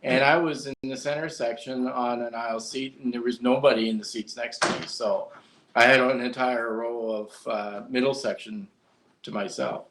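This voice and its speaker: A man's voice: mid-range voice, fairly even intonation, normal speed, a bit bright, a little hiss or hum. A man co-hosting a casual live-stream chat, telling long rambling stories with fillers and restarts. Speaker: co-host.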